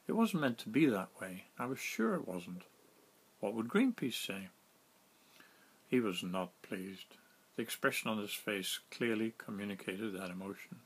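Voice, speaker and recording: A man reading his own story aloud in a wry, self-mocking, lively way. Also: lowish voice, slightly rough. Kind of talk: storytelling narration.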